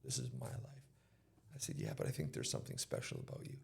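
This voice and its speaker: A man giving an interview, telling a personal story and retelling conversations in casual quoted speech. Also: quick pace. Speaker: interview guest.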